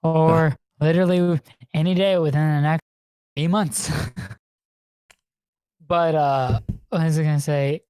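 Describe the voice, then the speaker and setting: A man's voice: on the high side, steady tone, a little slow, long pauses, a little mellow, clean tone, dry recording. A man co-hosting a podcast, chatting casually and telling rambling stories full of swearing and laughter. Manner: rambling, profane storytelling with frequent laughs. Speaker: podcast co-host. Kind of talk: casual chat.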